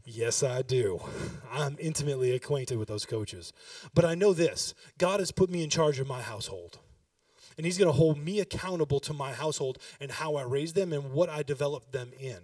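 A man's voice: fairly high pitch, brisk, darkish tone, dry recording, clean studio sound, far from the mic. A pastor in his thirties giving a sermon, talking with the congregation and building to emphatic exhortation.

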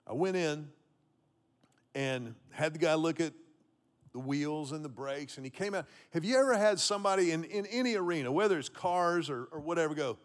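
A man's voice: fairly high pitch, normal speed. A man in his fifties from Texas, preaching a sermon to a congregation and repeating key phrases for emphasis. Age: 50s. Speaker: pastor. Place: church auditorium with congregation.

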